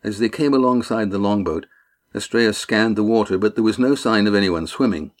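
A man narrates an adventure audiobook in a steady, measured voice. His pitch sits somewhat low.

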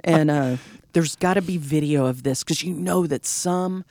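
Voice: medium pitch, moderate pace, a little mellow, dry recording. A podcast host telling a gossip story in casual comedic chat, with sarcastic asides and frequent giggles.

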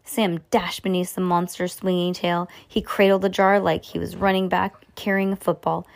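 A woman reading a children's chapter book aloud, stumbling and rereading as she goes, giving the characters lively voices. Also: fairly low pitch, normal speed, gravelly, a little hiss or hum. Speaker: reader.

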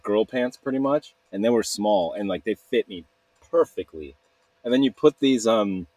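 A man's voice: mid-range voice, darkish tone, breathy edge, no echo. A man talking to camera in a rambling, candid way, often laughing at himself. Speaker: video blogger. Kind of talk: casual confessional monologue.

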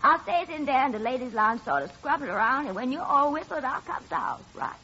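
A woman's voice: sits high, big pitch swings, brisk, sharp tone, husky, full character voice. An actress playing a chatty, eager female washroom attendant, in 1940s radio style. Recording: dull old radio broadcast.

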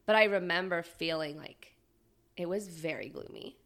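A woman hosting a podcast, talking in a sympathetic, lively way with quick restarts. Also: on the low side. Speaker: podcast host. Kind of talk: casual chat.

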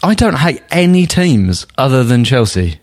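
A man's voice: medium pitch, big pitch swings, normal speed, noisy background. A man co-hosting a casual football podcast, blunt and jokey, swearing freely. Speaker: podcast co-host.

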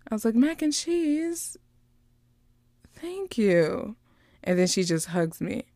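A woman casually recapping a movie, chatty and animated, drifting into personal stories. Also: on the low side, gravelly, no echo, clean studio sound. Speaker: vlogger reviewing a movie.

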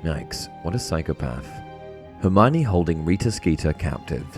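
Male explainer host, scripted and dramatic, very deep voice with lively swings, faint music behind. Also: normal speed. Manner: expressive storytelling with dramatic emphasis. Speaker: host of a fan explainer channel. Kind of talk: scripted narration.

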